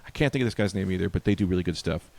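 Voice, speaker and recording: A man's voice: racing, creaky, no echo. A man with a New York accent, a comedian guest telling a comic story and acting out both sides of it. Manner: acts out both sides of a story, rising loud and high.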